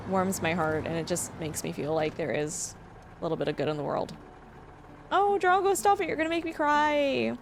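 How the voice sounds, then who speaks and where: A woman's voice: low-pitched, background noise. A young adult woman streaming live, chatting with her viewers, emotional and close to tears, laughing often. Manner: emotional, gushing, laughs a lot, near tears. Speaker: livestreamer. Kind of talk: casual livestream chat reading to viewers.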